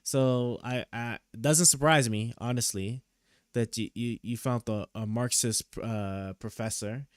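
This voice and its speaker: A man streaming live, reading a court opinion aloud and stopping often to puzzle over it, with halting, restarting speech. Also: mid-range voice, steady tone, smooth, no echo, studio quality. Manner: reads legal text aloud, stops to check words. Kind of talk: casual live stream commentary. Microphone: headset or desk mic.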